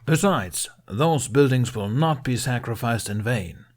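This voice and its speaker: A man's voice: mid-range voice, lively intonation, a little slow, voice pushed up. A man voicing a pompous, dramatic young Viking twin who makes heroic speeches. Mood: grandiose. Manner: grandiose, dramatic.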